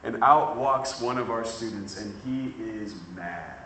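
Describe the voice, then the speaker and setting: A male preacher tells a story from the pulpit and voices the people in it. His tone is bright and forceful, and the hall rings around him. He sounds a little distant from the microphone, with faint room noise underneath. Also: on the low side, a little slow. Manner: builds from calm to shouting excitement, acts out dialogue. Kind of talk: sermon with storytelling. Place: church hall with congregation.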